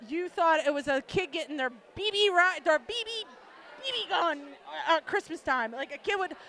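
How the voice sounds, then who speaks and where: A woman's voice: high-pitched, fairly bright tone. A woman inducting a friend into a hall of fame, giving a blunt, outspoken, emotional tribute.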